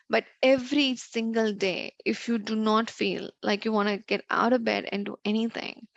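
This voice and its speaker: A woman's voice: fairly high pitch, vocal fry, dry recording. A woman doctor giving an informal educational talk, explaining in a conversational way with many fillers and examples. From United States. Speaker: family medicine doctor giving a health talk. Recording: dull dry lo-fi sound.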